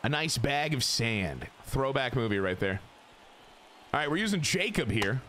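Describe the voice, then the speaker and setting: A young man streaming a baseball video game, giving crude, excitable commentary that jumps into high squeals. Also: normal speed, background noise. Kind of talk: casual gameplay commentary.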